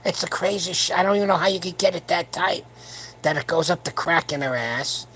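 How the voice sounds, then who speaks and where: Speaking in a brisk, fairly high voice with a bright, forceful tone, a man in his seventies hosts a late-night powerlifting livestream from home. His wife sleeps nearby as he jokes around crudely and rambles. Slight background noise is audible.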